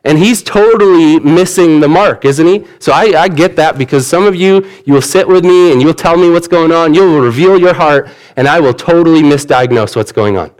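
A man's voice: fairly high pitch, moderate pace, few pauses, a little mellow. A man preaching a sermon in an earnest, conversational way, retelling the story in everyday words. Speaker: pastor.

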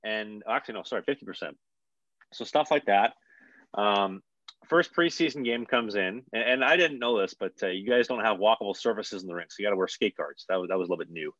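A young man, a hockey player guest, telling stories casually in an animated way and swearing freely. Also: lowish voice, brisk, no room sound, dull audio. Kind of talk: casual storytelling.

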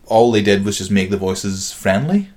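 A man's voice: lowish voice, lively intonation, normal speed, a little mellow. A man on a podcast, chatting casually and retelling a story with loose, hesitant phrasing. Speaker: podcast co-host. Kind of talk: casual chat.

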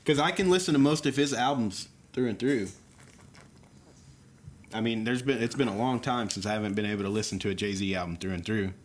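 A man's voice: fairly low pitch, fairly quick. A man co-hosting a casual podcast who laughs easily and reacts with animation. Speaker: podcast co-host.

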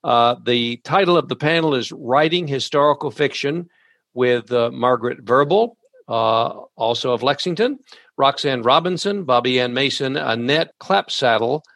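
A man hosting a podcast interview, speaking haltingly with frequent restarts. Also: mid-range voice, lively intonation, gravelly, fairly bright tone, no room sound. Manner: halting, many fillers and restarts. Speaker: podcast host.

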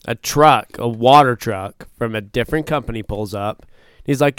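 A man on a podcast who laughs easily and banters crudely, with a smooth, clear voice. The sound is dry and close to the mic. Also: medium pitch, moderate pace, no room sound. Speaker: podcast co-host. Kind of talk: casual chat.

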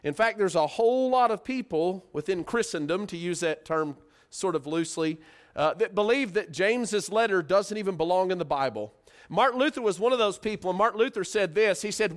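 A man preaching a Bible-study sermon, teaching with lively rhetorical questions. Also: high-pitched, brisk.

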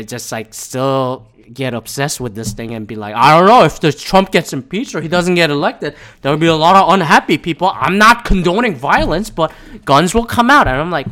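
A man's voice: mid-range voice, fairly bright tone. A man in a casual political rant, rambling and profane, often repeating words as he restarts a thought.

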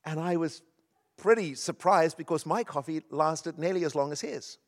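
A man's voice: fairly high pitch, normal speed. A middle-aged man preaching a sermon, telling personal stories in an earnest, emphatic way. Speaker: pastor.

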